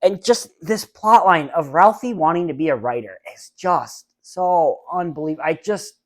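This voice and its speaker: On his one-man film review podcast, recorded at home with a fan going in the room, this host talks at a normal speed in an expressive, somewhat high voice. His delivery is blunt, rambling, and exasperated, aimed straight at his audience through his own mic.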